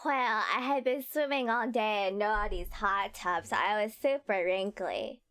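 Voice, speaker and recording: A woman's voice: mid-range voice, unhurried, fairly bright tone, smooth, pitched below the performer's own voice, natural voice. A woman voicing a nerdy, wrinkly hooved party animal in a put-on nerd voice while playing a video game.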